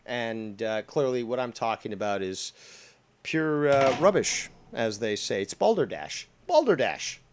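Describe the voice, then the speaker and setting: A man's voice: medium pitch, a little slow, background noise. A man hosting a long stream, giving mocking, sarcastic commentary on clips he plays, with frequent swearing. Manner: sarcastic, profane. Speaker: stream host.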